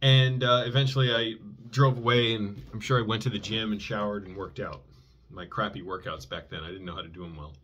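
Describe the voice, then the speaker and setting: A man's voice: fairly low pitch, steady tone, brisk, a bit bright, lo-fi sound. A man vlogger telling a personal story in a rambling way, often correcting himself and using many fillers.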